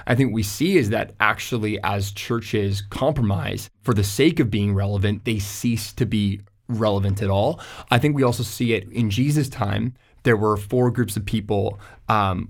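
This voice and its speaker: A man who works as a pastor, talking thoughtfully in a relaxed faith discussion, often restarting his sentences. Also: lowish voice. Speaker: young adult pastor.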